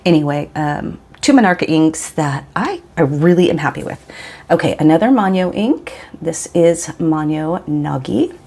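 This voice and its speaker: Trying out inks for her vlog, a Pacific Northwest woman in her forties talks casually, chatty and rambling, breaking into her own sentences. Her low voice is expressive, creaky, mellow and slightly rough, at a moderate pace.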